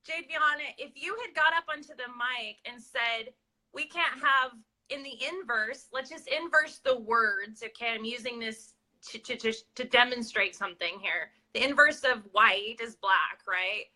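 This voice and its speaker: Brief: woman co-host, indignant, keeps restarting, piercing bright tone. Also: a little high, unhurried. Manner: indignant, rambling with repeated restarts. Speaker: co-host interviewing. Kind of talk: casual interview commentary.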